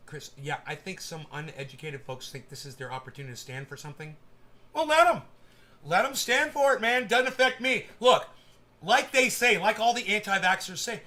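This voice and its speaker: A male livestream host rants casually, swearing a lot and stammering into repeated words. His high voice is expressive, bright, and forceful, at a normal speed.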